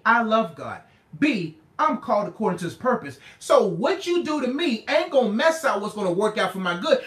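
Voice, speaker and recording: Man preaching w a high voice, yells then goes quiet, has ppl repeat his lines, echoey room. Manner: swings from shouting to low, quiet asides; call-and-response, repeats slogans. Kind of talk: preaching sermon to a live audience.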